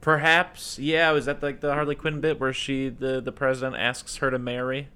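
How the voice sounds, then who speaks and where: A man co-hosting a podcast, chatting casually about a film and rambling with fillers and quick acted-out quotes. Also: medium pitch, little pitch movement, pushed and bright, smooth. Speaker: podcast co-host. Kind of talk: casual movie discussion.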